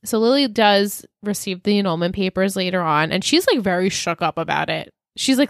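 A woman chats casually as she recaps a TV episode for a podcast, her pitch sitting in the middle range. She keeps breaking into quick quoted lines. The sound is close and dry, with no room around it. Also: gravelly, no echo. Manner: animated, acts out quotes in quick bursts. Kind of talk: casual chat.

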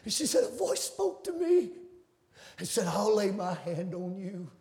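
Fervent preacher, high gravelly voice. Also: male voice, very animated, a little slow. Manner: fervent, rising to shouted climaxes; storytelling in a folksy, conversational way. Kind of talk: sermon.

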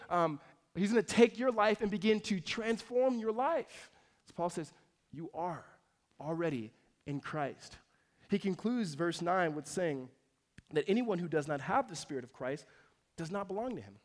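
A man in his thirties, a pastor giving a sermon in a conversational way that moves between emphatic lines and hushed ones. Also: high-pitched.

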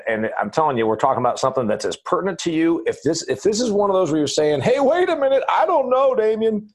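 A man's voice: a little high, slightly rough. A man hosting a farm business podcast, talking in a chatty, emphatic, folksy way. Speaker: podcast host. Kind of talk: casual podcast chat.

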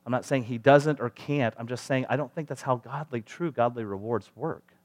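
A male preacher delivering a sermon in a relaxed, conversational tone. His voice sits in an ordinary middle pitch, and he leans on rhetorical questions to draw listeners in. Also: moderate pace.

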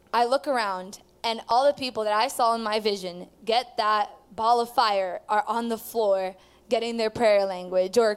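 A woman's voice: medium pitch, clear, resonant tone. A woman telling her personal testimony at church, rambling with many fillers as she tells the story. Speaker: student giving testimony.

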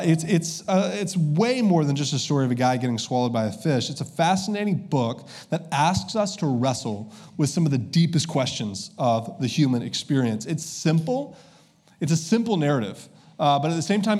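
A man's voice: a little high, a little mellow. A man preaching as pastor, conversational and easygoing, with frequent filler sounds and restarts. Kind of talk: sermon.

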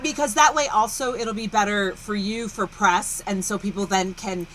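A woman's voice: mid-range voice, moderate pace, a little hiss or hum, poor audio. A woman co-hosting a podcast interview, talking casually and rambling with restarts as she praises her guest. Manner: chatty, rambling, warm praise. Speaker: podcast co-host.

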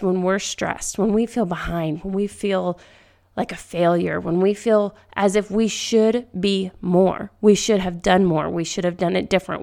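Woman host, gravelly voice, slow and gentle encouraging talk. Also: mid-range voice. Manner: gentle, reassuring, repeats key phrases. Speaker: podcast host. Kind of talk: faith-based encouragement talk.

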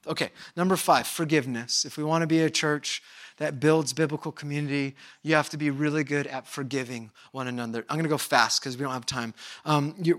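A man preaching a sermon as pastor of a church, lively and conversational, acting out short bits of dialogue and dropping from loud emphasis to hushed asides. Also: fairly high pitch. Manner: animated, acts out dialogue, swings between loud and hushed.

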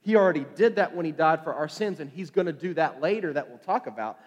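A man's voice: on the high side, lively intonation, quick pace, muffled recording. A man preaching a casual evening sermon, chatty and joking, with lots of fillers and restarts. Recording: long hall reverb.

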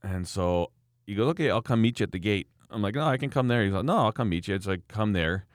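A man's voice: fairly low pitch, animated, fast talker, no echo, clean studio sound. A man in his thirties telling a story in casual chat, laughing often and acting out quotes.

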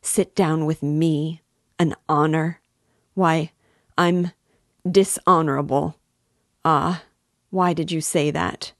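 A woman's voice: sits low, fairly even intonation, slow pace, long pauses, dry recording, studio quality. A woman reading the lines of a frightened, devout young woman who cries out in anguish. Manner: pleading, crying out in anguish.

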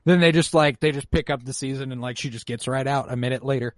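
Animated man recapping with loud reactions. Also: mid-range voice, fast, dry recording. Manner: animated, swears freely, acts out big reactions. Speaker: podcast host recapping an episode. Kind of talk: casual chat.

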